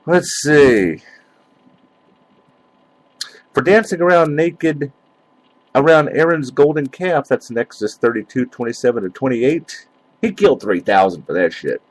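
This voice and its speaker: A man's voice: mid-range voice, expressive, normal speed, no room sound, rough recording. A man hosting a solo podcast, talking in a loose, rambling way that is profane and mocking. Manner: loose and rambling with many fillers. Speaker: podcast host. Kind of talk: casual solo podcast rant.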